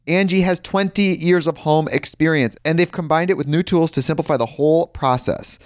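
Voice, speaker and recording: A man reading a scripted advertisement in a smooth, upbeat promotional delivery. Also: a little high, brisk, few pauses, no echo, studio quality. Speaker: ad announcer. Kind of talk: scripted ad read.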